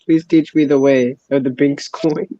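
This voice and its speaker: A man putting on the voice of a goofy, high-voiced male alien sidekick who pleads in a silly way. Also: fairly even intonation, moderate pace, warm tone, natural voice. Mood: pleading goofy. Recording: dull lo-fi call audio.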